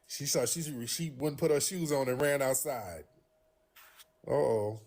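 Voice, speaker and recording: Husky, blunt male livestream host. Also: mid-range voice, slow. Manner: blunt, profane, animated. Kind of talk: casual call-in livestream commentary.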